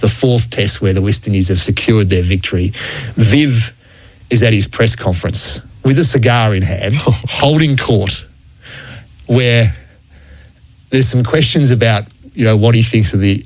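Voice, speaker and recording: A man's voice: on the low side, no echo, rough recording. A middle-aged Australian man presenting a cricket history segment on sports radio, telling stories in a chatty way and chuckling through them. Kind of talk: anecdotal storytelling on sports radio.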